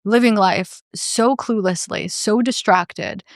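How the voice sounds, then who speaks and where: A woman's voice: medium pitch, slow pace, creaky, no room sound, clean studio sound. A woman speaking as a podcast guest in a candid, earnest and reflective way, with frequent "like" fillers.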